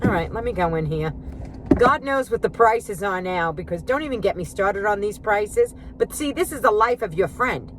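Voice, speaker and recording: A woman's voice: mid-range voice, animated, moderate pace, background noise. A woman ranting sarcastically to her viewers on a phone vlog while she runs errands and then cooks at home. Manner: sarcastic, chatty, talks to viewers as friends. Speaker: vlogger. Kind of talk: casual vlog rant. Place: car and grocery store, then home kitchen.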